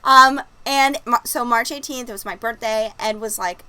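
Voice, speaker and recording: Bright, chatty woman in her thirties. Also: fairly high pitch, moderate pace, smooth, poor audio. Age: 30s. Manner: chatty, laughing storyteller. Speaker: host. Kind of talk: casual livestream chat. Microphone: video call.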